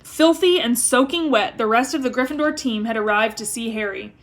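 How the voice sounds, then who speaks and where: A woman's voice: fairly high pitch, a little fast. Woman reading a novel aloud. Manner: expressive storytelling. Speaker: reader.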